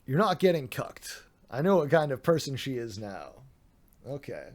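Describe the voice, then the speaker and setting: A man's voice: mid-range voice, sing-song, normal speed, darkish tone. A man streaming late at night, reading out online drama with tired, sardonic commentary, swearing and laughing. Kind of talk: casual live-stream commentary.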